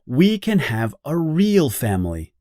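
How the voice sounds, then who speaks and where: A man's voice: a little high, huge pitch swings, a little slow, a little mellow, no room sound, clean studio sound, voice pushed up. A man voicing a group of young lost boys in a storybook reading, eager and pleading. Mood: delighted.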